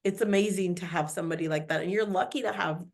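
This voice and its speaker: A woman guest on a podcast, talking in a rambling, animated way full of "like" and "you know". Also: on the low side, fast talker, vocal fry. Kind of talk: casual chat.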